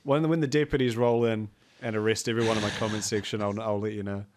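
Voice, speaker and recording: A man's voice: on the low side, steady tone, fast talker. A man with a New Zealand accent, a podcast guest chatting casually, rambling and swearing freely with frequent laughs.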